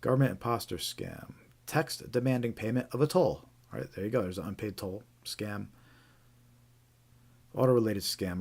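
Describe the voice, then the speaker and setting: A man's voice: fairly low pitch, expressive, normal speed, vocal fry, darkish tone, husky. A man hosting a live stream, casually reading out reports with frequent fillers and restarts. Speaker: host.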